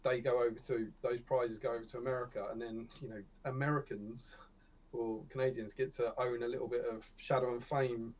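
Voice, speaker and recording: A man chatting as a guest, quick and chatty, often trailing off mid-thought. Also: mid-range voice, little pitch movement, muffled recording. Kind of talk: casual chat.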